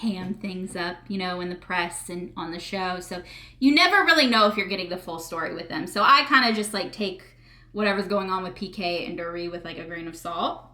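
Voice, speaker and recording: A woman's voice: lowish voice, fairly quick, pushed and bright. A young woman recapping a reality TV episode in casual chat, full of "like" fillers. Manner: chatty, filler-heavy with frequent "like". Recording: echoey room.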